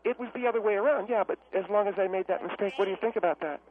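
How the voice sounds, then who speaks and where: A man puts on a high, insistent caller, an amateur entertainer sure of his own talent. He chatters on defensively. His voice comes through a tinny phone line with faint hiss. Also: racing, natural voice. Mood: pushy. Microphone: telephone.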